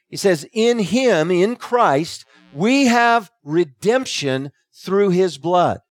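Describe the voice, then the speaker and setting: A man preaching an expository sermon, walking through a passage verse by verse in an earnest, deliberate way and slowing down to stress key phrases. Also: a little high, dry recording, clean studio sound.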